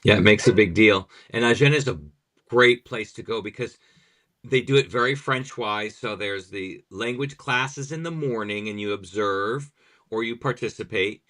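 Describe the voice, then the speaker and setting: A man hosting a podcast, chatting casually and telling stories with lively enthusiasm. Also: fairly low pitch, normal speed. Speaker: podcast host.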